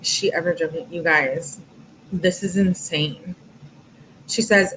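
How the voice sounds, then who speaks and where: A woman hosting a true-crime channel, reading text messages aloud in an even way and adding casual, exasperated asides. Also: on the low side, a little slow, long pauses, a little hiss or hum, poor audio.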